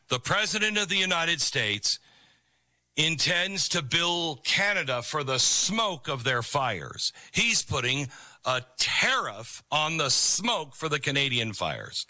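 A man hosts a talk radio show from a ranch studio, his slightly high voice sing-song, slow, bright, and forceful in a dry recording. His casual monologue, which includes a read ad, is full of fillers and restarts, and he mocks people with sarcastic quotes.

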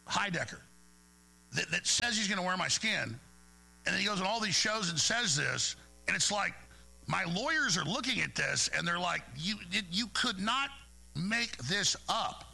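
A man with a high, gravelly, sharply bright voice rants through a radio monologue. He stumbles over repeated words as he pushes on. A faint mains hum sits under the recording. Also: animated, normal speed, poor audio. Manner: rambling, repeats words, heated. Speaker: radio show host. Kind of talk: agitated talk radio monologue.

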